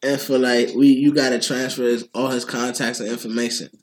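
A man chatting casually on a podcast, telling animated, profane stories full of slang and laughing through them. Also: medium pitch, fairly quick. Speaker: podcast co-host, phone store worker. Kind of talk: casual chat, storytelling.

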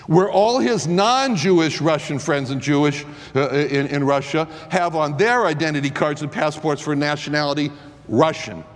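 A man giving an impassioned lecture, firing rhetorical questions and often stumbling over repeated words. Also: on the high side. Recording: long hall reverb.

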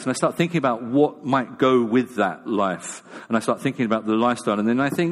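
A man's voice: medium pitch, lively intonation, fast talker, hardly any pauses. Man preaching in a reverberant hall. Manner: conversational and self-deprecating, with many fillers and restarts. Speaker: pastor. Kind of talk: sermon. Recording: long reverb of a large hall.

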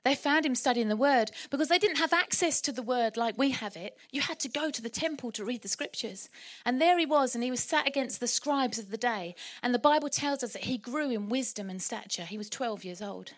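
A woman preaching a sermon in church, lively and humorous. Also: fairly high pitch, fairly quick, hardly any pauses. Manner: lively, humorous and animated, often laughing.

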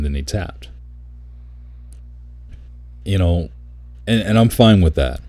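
Very deep-voiced man telling a story. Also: measured pace, long pauses. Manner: animated storyteller, swears, mimics people in high voice. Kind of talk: casual chat.

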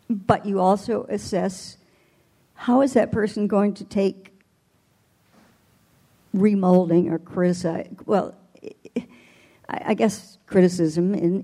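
Older woman voice teacher, mellow tone. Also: medium pitch. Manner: thoughtful, demonstrative with vocal imagery. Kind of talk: panel interview answer.

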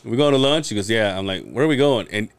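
A man's voice: fairly low pitch, lively intonation, fast talker, a little hiss or hum. Rambling guy telling work stories. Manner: rambling anecdotes, acts out quoted dialogue, profane. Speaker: podcast co-host. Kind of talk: casual storytelling chat.

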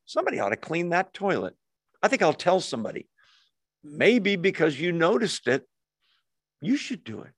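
A man teaching a Bible study, lively and often asking the group rhetorical questions. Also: a little high, normal speed, long pauses, no room sound, studio quality.

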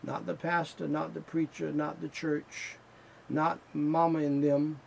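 A man preaching a sermon in slow, emphatic phrases that build in fervor. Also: a little high, flat delivery, creaky, poor audio.

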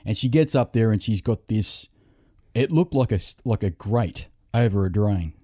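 A man's voice: fairly low pitch, animated, moderate pace, dark tone, no echo, clean studio sound. A middle-aged man hosting a podcast, telling rambling, profane anecdotes in casual chat. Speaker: podcast host.

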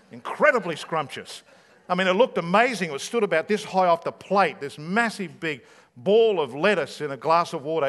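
A man's voice: high voice, fairly bright tone. A man, a pastor preaching a sermon in a conversational way, full of rhetorical questions.

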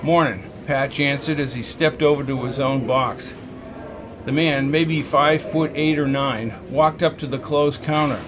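A man reading a novel aloud as the narrator, in a steady, measured way. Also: mid-range voice, noisy background. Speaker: audiobook narrator. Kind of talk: scripted narration.

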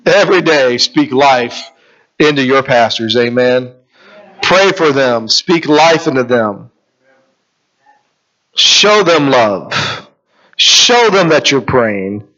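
A man's voice: medium pitch, lively intonation, slow, pauses often, bright, forceful tone, muffled recording. A man preaching a sermon as pastor, asking rhetorical questions and reading scripture aloud.

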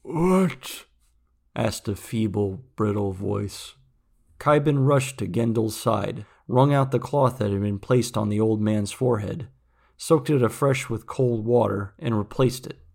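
A man narrating a self-made audiobook in a measured, solemn way. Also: on the low side, vocal fry, a little mellow. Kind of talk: scripted storybook narration.

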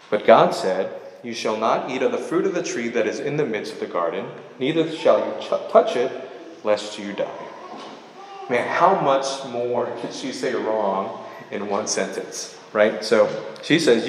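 A man's voice: mid-range voice, lively intonation, moderate pace. A man preaching a sermon, reading scripture verses aloud and stopping to explain them line by line. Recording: very echoey hall with long reverb.

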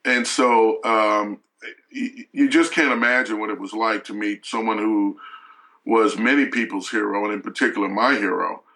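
Bright-voiced man telling a story. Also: fairly low pitch, steady tone, low-quality recording. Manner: halting, with frequent restarts and fillers. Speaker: guest. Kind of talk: emotional storytelling.

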